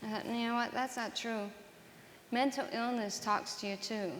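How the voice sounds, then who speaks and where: A woman's voice: a little high, steady tone, a bit bright, a little hiss or hum. Earnest woman speaking in a reverberant hall. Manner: earnest, halting, with repeated restarts. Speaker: speaker sharing her own story. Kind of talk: personal testimony talk to an audience. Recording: roomy hall with long reverb.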